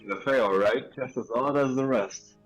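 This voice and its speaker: A man on a casual game stream who reads lines aloud with hesitations and self-conscious remarks. His voice is mid-pitched, with faint music behind him. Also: a little slow, rough recording. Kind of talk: casual game playthrough, reading dialogue aloud.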